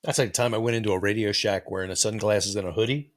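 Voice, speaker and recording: Podcast co-host, middle-aged man, lowish voice, quick wisecracking banter. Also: steady tone. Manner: wisecracking, quick jokey interjections. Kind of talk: casual nostalgic chat.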